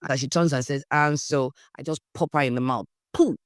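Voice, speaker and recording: A young woman with a Nigerian accent, a podcast guest telling lively personal stories in casual conversation and acting out the voices in them. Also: a bass voice, brisk, no echo, clean studio sound. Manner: animated storyteller, acts out quotes, Nigerian slang. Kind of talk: storytelling in casual interview.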